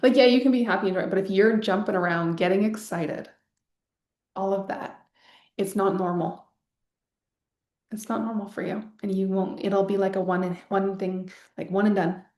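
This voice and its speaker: A woman's voice: medium pitch, steady tone, moderate pace, a little mellow. Casual woman coach in an echoey room. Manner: casual and rambling, with sighs and frequent swearing. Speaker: wealth coach leading a masterclass. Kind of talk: live online coaching session.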